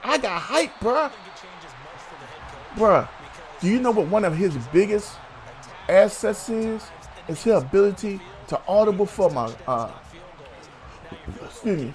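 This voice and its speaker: A man hosting a sports talk show, arguing heatedly with a co-host, swearing and calling him bruh. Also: sits high.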